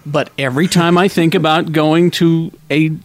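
A man chatting on a podcast, telling a story slowly and wryly. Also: a little high, steady tone. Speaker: podcast co-host. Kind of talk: casual chat.

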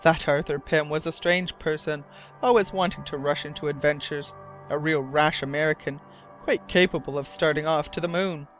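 A vain former corporal now governing an island, chatty and eager to show what he knows, read by a man. The voice sits a little high, with soft music faint beneath. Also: steady tone, normal speed, lightly acted. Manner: chatty, boastful, eager to reminisce.

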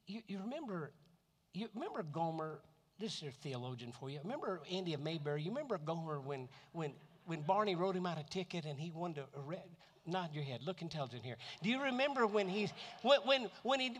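High, animated preacher in an echoing hall. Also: male voice. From Florida. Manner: animated, repeats words, acts out quotes. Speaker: pastor. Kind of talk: sermon. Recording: long reverb of a hall.

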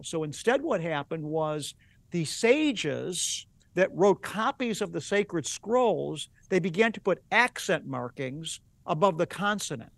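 A man's voice: sits high, a bit bright, dry recording. A rabbi and Bible teacher, a man, explaining in an earnest teaching manner during a broadcast interview, working through examples step by step.

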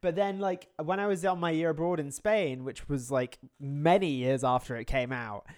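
A man's voice: a little high, normal speed, a little mellow, smooth. A British man from the UK co-hosting a podcast, rambling wryly in casual chat. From United Kingdom. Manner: rambling, wry, many fillers and restarts. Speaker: podcast co-host.

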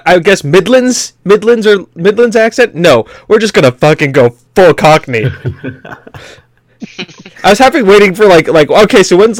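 A man's voice: high-pitched, no room sound. A man co-hosting a gaming podcast in casual chat, rambling and laughing as he talks. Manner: rambling, laughing, puts on silly accents. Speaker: podcast co-host.

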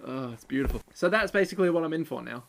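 Man, podcast co-host; animated recapper, lively pitch, playful voices. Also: quick pace, gravelly, slight background noise. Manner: animated, acts out scenes in silly voices. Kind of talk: casual anime recap chat.

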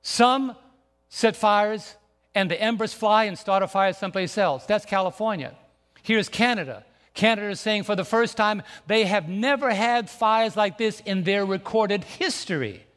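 Male pastor, high voice, emphatic repetitive sermon delivery, long church-hall reverb. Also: normal speed, fairly bright tone, clean tone. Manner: emphatic, repetitive preaching with restarts. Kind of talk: sermon with slides. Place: church sanctuary.

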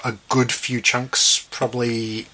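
A man's voice: medium pitch, flat delivery, takes it slowly, pushed and bright, poor audio. Easygoing man co-hosting a podcast. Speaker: podcast co-host. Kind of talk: casual chat.

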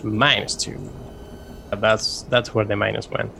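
A man's voice: fairly low pitch, little pitch movement, measured pace, gravelly, music in the background. A man playing in a tabletop game, describing his moves in a hesitant way and often repeating words. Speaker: player.

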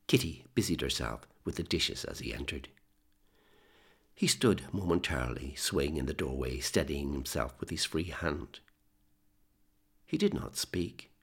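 Male audiobook narrator, very deep and gravelly, husky tone, measured storytelling. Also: expressive, a bit bright. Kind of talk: scripted narration.

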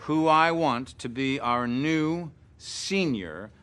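An actor playing a self-serving male boss who makes drawn-out, smug announcements. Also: medium pitch, expressive, a bit bright, smooth. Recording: film audio with music behind.

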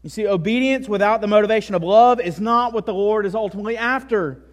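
A man's voice: high-pitched, fast talker. A male pastor delivering a sermon in a conversational way, with frequent asides and tag questions. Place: church.

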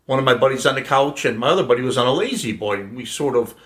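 A man's voice: mid-range voice, lively intonation, rapid-fire. A middle-aged man telling a story casually to family, with a playful, laugh-prone manner. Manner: laughs often, playful prankster. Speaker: guest storyteller.

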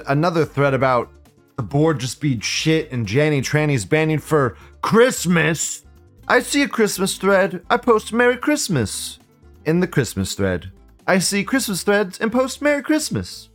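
A man hosting a live online show, talking in a rambling, profane and mocking way. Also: on the high side. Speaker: host. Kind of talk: casual live commentary.

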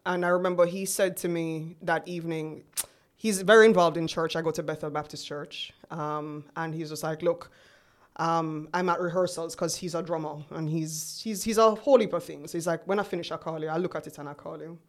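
A woman's voice: low-pitched, steady tone, brisk. A woman in her forties, a guest on an interview show, telling her story in a chatty way and acting out remembered conversations. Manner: chatty, acts out remembered dialogue. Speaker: guest entrepreneur.

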